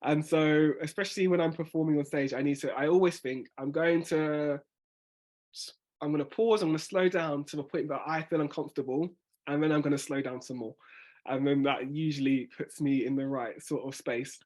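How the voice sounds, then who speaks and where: Man, slightly higher voice, quick casual teacher on a video call, lots of self-corrections. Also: steady tone, a little mellow. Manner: fast talker with restarts. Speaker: spoken word workshop leader.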